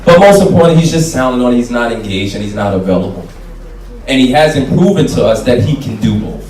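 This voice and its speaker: A man's voice: mid-range voice, expressive, brisk, a little mellow, slight background noise. A man, a council candidate giving a fiery, plain-spoken campaign speech to a crowd. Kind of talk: campaign speech at a meet and greet. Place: community hall meet and greet. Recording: echoey room, speaker from far off, music faint behind.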